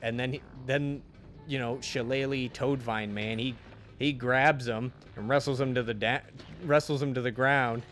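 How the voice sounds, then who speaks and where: A man's voice: mid-range voice, steady tone, normal speed, a bit bright, soft background music. A man streaming a game and chatting casually, retelling a story in a rambling, profane way full of restarts. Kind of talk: casual chat while gaming.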